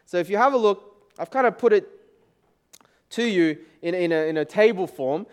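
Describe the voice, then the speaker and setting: A man's voice: high voice, expressive, moderate pace, clean tone. A male pastor giving a sermon in a conversational style, asking the congregation frequent rhetorical questions. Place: church service.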